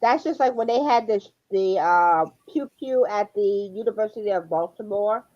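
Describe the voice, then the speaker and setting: A woman's voice: mid-range voice, moderate pace, no room sound. Chatty lady on a stream, acts out quotes and laughs a lot, dull muffled audio. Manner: animated storyteller, acts out quotes, laughs often. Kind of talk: casual chat.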